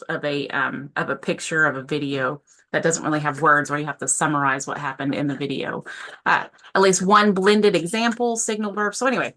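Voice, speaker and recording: A woman's voice: lowish voice, bright, forceful tone. A woman instructor giving a casual, informal screen-share tutorial from a home office, often correcting herself mid-sentence. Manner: chatty, self-correcting, informal. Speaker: composition instructor.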